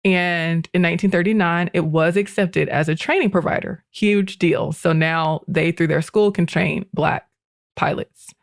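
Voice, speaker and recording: A woman telling a history story on a podcast in a relaxed, chatty way, often breaking into laughter. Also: lowish voice, no room sound, studio quality. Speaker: guest presenter.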